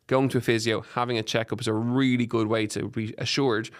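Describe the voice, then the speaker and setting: A man with an Irish accent hosting a podcast, giving fitness advice in an energetic, encouraging way and listing examples in quick runs. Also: mid-range voice. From Ireland. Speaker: podcast host and fitness coach. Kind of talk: solo podcast advice talk. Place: podcast studio.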